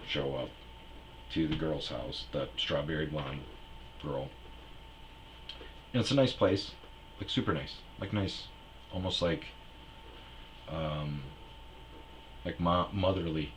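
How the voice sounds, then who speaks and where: A young man with a bass voice and a fairly bright tone tells a rambling, crude personal anecdote in casual chat, full of crude humor and acted-out quotes. A little hiss or hum sits under the recording.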